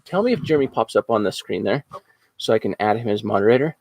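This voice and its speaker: A man's voice: fairly low pitch, animated, quick pace, gravelly, darkish tone, no room sound. A man hosting a casual live-stream auction, talking in an upbeat, rambling way with lots of fillers. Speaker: livestream auction host. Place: outdoors at home after rain.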